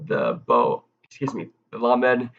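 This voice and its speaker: A man giving a recorded video grammar lesson in a casual, halting way, with frequent ums and self-corrections. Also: mid-range voice, very animated, creaky, muffled recording. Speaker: grammar teacher.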